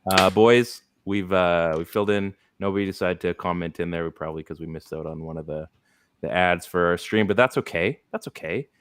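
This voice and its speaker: A man with a very low, deep voice hosts a casual sports podcast. He rambles easily and leans on filler words. The sound is dry and close, with no room around it. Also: little pitch movement, fairly quick, clear, resonant tone, no echo. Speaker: podcast host. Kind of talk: casual fantasy football podcast chat.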